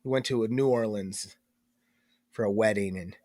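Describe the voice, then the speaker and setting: A man co-hosts a podcast in casual conversation, sounding stuffed up and congested as he jokes his way through stories, chatty and lively. His voice is fairly low and his pace moderate, in a dry, clean studio recording.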